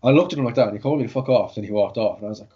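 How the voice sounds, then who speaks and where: Fast-talking Irish man telling stories. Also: lowish voice, dark tone, slightly rough. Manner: rambling, sweary, filled with "like". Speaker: jiu-jitsu instructor. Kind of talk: casual podcast storytelling. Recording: dull lo-fi audio.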